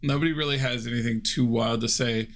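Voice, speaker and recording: A man's voice: mid-range voice, steady tone, fairly quick. A man hosting a casual podcast chat, rambling and hesitant, restarting his thoughts. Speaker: podcast host.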